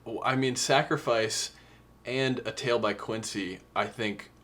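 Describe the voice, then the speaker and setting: A man's voice: mid-range voice, fairly even intonation, unhurried, fairly bright tone. A young man co-hosting a podcast, talking about songs in a casual, earnest and emotional way. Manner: earnest, emotional, quotes lyrics. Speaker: podcast co-host. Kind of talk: casual music discussion.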